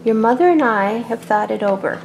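A woman voicing a calm, kindly father bunny in a toy play-acting video, gentle and measured. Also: on the high side, gravelly, slight background noise.

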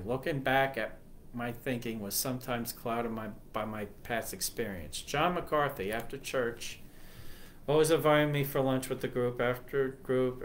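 Guy telling his faith testimony, middle pitch, kinda halting, keeps restarting his sentences, drops soft on the hard parts. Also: slight background noise. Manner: halting, earnest, frequent self-corrections. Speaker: ministry leader. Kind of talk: personal testimony.

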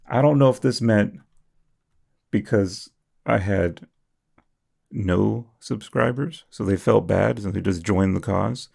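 A young man reading and reacting to comments on his channel, jokey and self-mocking, swinging from high squeals to low mutters. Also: takes it slowly, vocal fry, pauses often, a little mellow, husky. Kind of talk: comedic comment-reading vlog.

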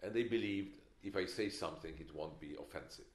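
A man's voice: low voice, fairly quick. Older man lecturing, emphatic. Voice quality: opinionated, emphatic, wry storytelling. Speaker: film director giving a masterclass. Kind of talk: masterclass lecture. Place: lecture hall. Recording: echoey lecture hall.

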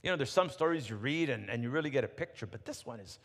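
A male pastor preaching a sermon, telling a story with animated retelling and frequent restarts. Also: medium pitch, fast talker. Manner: animated storytelling, rephrasing as he goes. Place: church sanctuary. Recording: reverberant church hall.

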